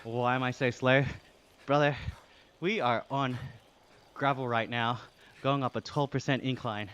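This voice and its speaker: The audio is dull, but this Australian streamer's mid-range voice comes through clear and resonant at an unhurried pace. Cycling live, he chats casually, reads the chat aloud, and laughs a lot.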